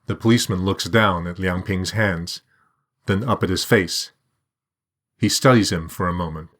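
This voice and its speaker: A man reading a short story aloud in a measured, even storytelling manner. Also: low-pitched. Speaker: narrator. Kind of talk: scripted narration.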